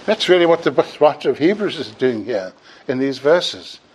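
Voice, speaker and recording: A man's voice: mid-range voice, sing-song, normal speed, slight background noise, poor audio. Earnest male preacher, emphatic. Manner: earnest, emphatic, repeats words when building a point. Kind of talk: sermon. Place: church building.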